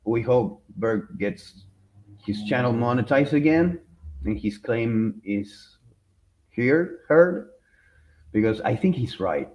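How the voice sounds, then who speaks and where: A man co-hosting a podcast, chatting casually in an animated, rambling way, often restarting his sentences and laughing. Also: medium pitch, takes it slowly, long pauses, slight background noise. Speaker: podcast co-host. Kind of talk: casual chat.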